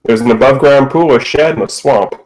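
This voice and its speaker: A man's voice: medium pitch, a little fast, a little mellow, poor audio. A man narrating as game master of a casual tabletop role-playing session, describing scenes and calling for checks, laughing often.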